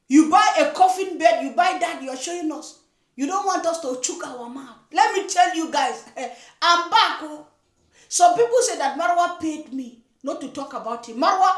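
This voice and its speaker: A woman giving indignant, scolding commentary on a video as a YouTuber. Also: high-pitched. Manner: scolding, indignant, emphatic repetition. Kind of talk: casual reaction commentary. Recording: echoey room.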